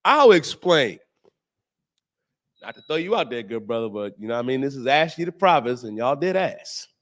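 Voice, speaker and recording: A man hosting a talk show, preaching on scripture in slangy, emphatic speech and drawing out the verses slowly. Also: mid-range voice, very animated. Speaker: host and teacher.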